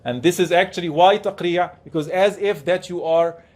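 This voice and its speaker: Man lecturing, slightly higher voice. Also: fairly even intonation, moderate pace, darkish tone. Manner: explains with questions to the class, repeats key words. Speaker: professor teaching Quran commentary. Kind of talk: classroom lecture. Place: classroom with students.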